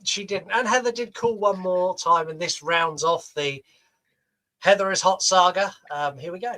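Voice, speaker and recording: Podcast dude setting up a clip, kinda high, sharp tone. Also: male voice, moderate pace. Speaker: podcast co-host. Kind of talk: casual chat.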